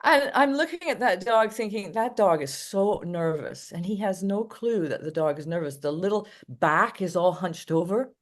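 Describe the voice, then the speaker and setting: A woman's voice: mid-range voice, animated, normal speed, few pauses. An older woman, a dog trainer, chatting casually in an interview and telling rambling anecdotes with frequent laughs.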